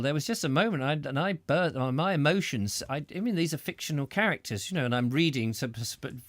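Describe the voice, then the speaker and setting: A man hosts a casual chat show, rambling along and restarting his sentences. His voice has a middle pitch. The sound is dry and close. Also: fairly bright tone, no echo. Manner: rambling, hesitant, with many fillers and restarts. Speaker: host.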